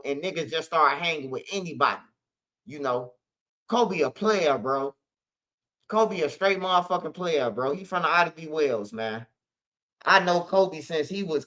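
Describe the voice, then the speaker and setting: A man's voice: high-pitched, a bit bright. A man, a show host telling stories in a casual monologue, heavy on street slang and "bro". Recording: slightly dull lo-fi audio.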